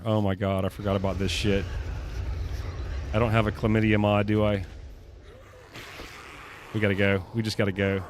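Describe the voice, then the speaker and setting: Faint game music underlies the young streamer's panicked, profane commentary to his chat as he plays a survival game. His fairly low voice barely shifts in pitch, moving at normal speed with long pauses, and there's slight background noise.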